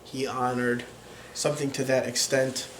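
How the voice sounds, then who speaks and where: A man explaining a language lesson in an unhurried way, pausing often with fillers as he works through examples. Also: medium pitch, little pitch movement, noisy background. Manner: unhurried, many fillers and restarts while explaining. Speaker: language teacher.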